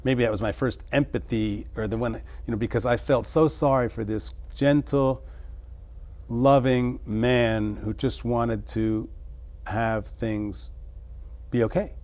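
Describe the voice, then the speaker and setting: Musing middle-aged man, halting. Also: medium pitch, steady tone, darkish tone. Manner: musing, halting, with many restarts. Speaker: interview guest. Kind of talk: reflective personal storytelling.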